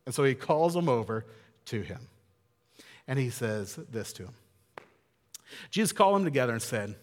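A man preaching a sermon in a casual, animated way, acting out the quotes he tells. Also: medium pitch, fairly quick, pauses often, in a large hall. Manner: conversational, animated, acts out quotes. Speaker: pastor.

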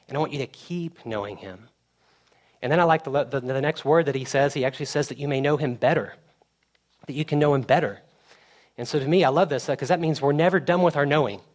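A young man preaching a sermon in a conversational way, getting animated when he tells a story. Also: mid-range voice. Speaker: pastor.

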